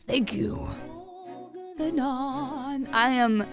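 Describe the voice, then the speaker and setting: A woman streamer chatting casually with viewers, sarcastic and profane and quick to laugh. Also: high voice, music in the background.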